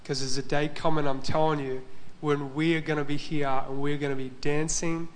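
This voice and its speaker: A male pastor gives a sermon in a church, speaking earnestly as he tells a story. His voice sits a little high for a man. He keeps a narrow, level pitch throughout. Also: little pitch movement, normal speed.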